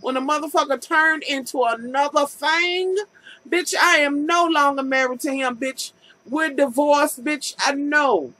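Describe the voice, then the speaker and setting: A woman's voice: high voice, unhurried, bright, forceful tone, dry recording, poor audio. A woman vlogger recapping a TV episode in a casual, profane rant, acting out scenes with incredulous commentary.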